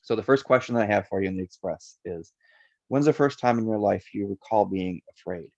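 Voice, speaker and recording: A man hosting an interview, enthusiastic and quick to affirm his guest. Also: on the low side, creaky, dry recording. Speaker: podcast host. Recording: dull lo-fi call audio.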